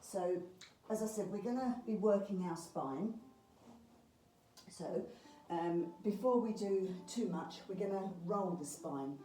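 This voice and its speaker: A woman leading a beginners Pilates class, calmly talking students through each movement with the occasional filler. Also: mid-range voice, slow pace, slight background noise. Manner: calm step-by-step cueing with fillers. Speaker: Pilates instructor. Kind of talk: guided exercise class. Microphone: camera across the room. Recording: roomy far-off mic with faint ambience.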